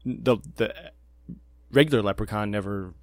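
A man's voice: lowish voice, moderate pace, darkish tone, no room sound. Laughing man in casual podcast chat. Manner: laughs often, acts out quoted lines. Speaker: podcast co-host.

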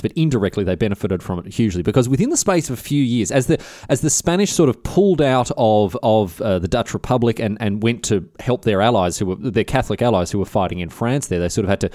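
Aussie history podcast host, rambling and jokey, lively voice, dry close mic. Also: male voice, on the low side, fast talker, dry recording. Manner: rambling, jokey, self-interrupting. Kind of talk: comic history podcast narration.

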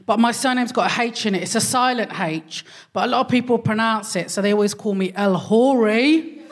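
A woman's voice: a little high, fast talker, slight background noise. A woman with a London accent doing a live stand-up set, chatty and cheeky as she banters with the audience. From Hackney, London. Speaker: stand-up comedian. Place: live venue before an audience.

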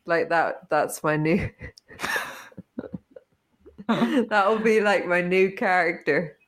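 A woman's voice: fairly low pitch, extremely slow. A woman co-hosting a podcast, bantering and teasing with a laugh in casual chat. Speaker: podcast co-host.

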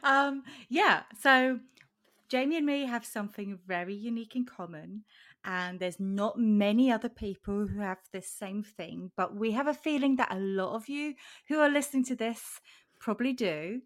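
This is a woman originally from Switzerland, co-hosting a relaxed chat podcast. She tells her story in a friendly, chatty way, breaking into laughter often. Her voice sits slightly on the high side. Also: normal speed. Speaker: podcast co-host. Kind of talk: casual chat.

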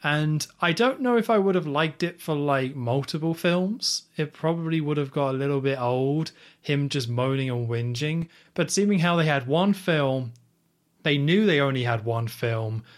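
A man co-hosting a film podcast, giving animated opinions with stammered restarts. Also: fairly high pitch. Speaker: podcast co-host. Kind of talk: casual film review chat.

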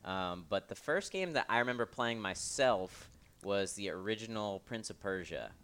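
Young adult male guest, low and smooth voice, relaxed rambling storytelling. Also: normal speed. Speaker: podcast guest. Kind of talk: casual storytelling.

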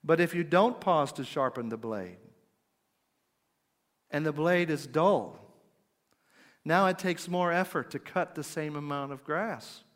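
A middle-aged man preaching a conversational sermon, asking his listeners questions and dropping to a quiet, slow voice for emphasis. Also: a little high. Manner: conversational, asks the audience questions. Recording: long hall reverb.

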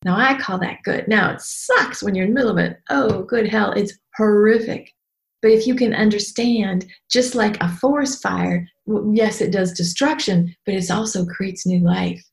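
A woman's voice: mid-range voice, moderate pace, vocal fry. Middle-aged woman doing a motivational talk, blunt and emphatic, cusses a lot, voice sits mid-range. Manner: candid and emphatic, swears freely, shifts into quoted voices. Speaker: speaker addressing an audience.

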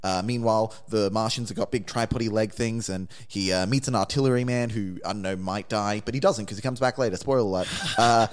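A man's voice: on the low side, fairly quick, few pauses. A man co-hosting a casual podcast, retelling a story in a rambling, playful way and laughing often. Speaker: podcast co-host. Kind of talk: casual chat.

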